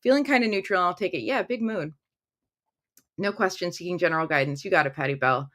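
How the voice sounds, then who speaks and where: A woman's voice: fairly low pitch, quick pace, a bit bright. A woman hosting a casual tarot livestream from a room at home, talking into her phone, chatty and upbeat as she reads viewer comments aloud.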